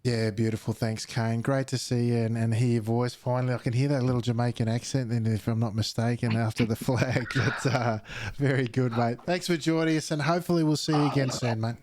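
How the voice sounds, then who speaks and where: A man's voice: medium pitch, fairly even intonation, a little fast, hardly any pauses, a little mellow, slight background noise. A man, commentating sim racing and interviewing a driver in an upbeat, chatty way. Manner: upbeat, keeps saying "beautiful" and "mate". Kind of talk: post-race interview and commentary.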